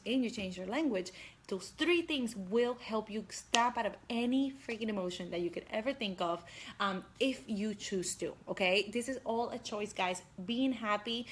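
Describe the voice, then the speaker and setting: On a live stream, a young woman life coach talks directly to viewers with an energetic, chatty motivational message. Her pitch is fairly high, and there's a little hiss or hum in the recording.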